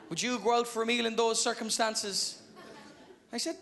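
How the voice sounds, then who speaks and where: An Irish man doing live stand-up, telling a story in an animated, punchy way. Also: very high-pitched, moderate pace, gravelly. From Ireland. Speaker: stand-up comedian. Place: large theatre with audience. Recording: noisy live theatre recording.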